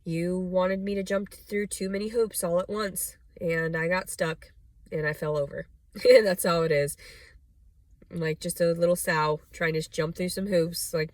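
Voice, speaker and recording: A young adult woman speaks in a low register, rambling through a personal monologue with constant fillers and blunt swearing. The recording is dry and close, with almost no room sound. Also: fairly even intonation, moderate pace, a little mellow, no room sound. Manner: rambling, frequent "like" and "you know", blunt and profane. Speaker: vlogger.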